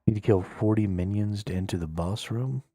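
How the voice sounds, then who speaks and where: A low-voiced man chatting casually while he plays on a live stream, joking and wry. His tone is mellow, the sound is dry and close, and soft music plays underneath. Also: a little fast, no echo. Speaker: game streamer.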